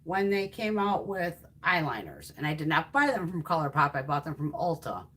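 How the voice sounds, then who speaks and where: Husky and low, this woman's voice keeps a normal pace as she swatches makeup and chats casually on a livestream. She is a beauty YouTuber in her fifties who tells stories bluntly, swearing freely and with lots of animation.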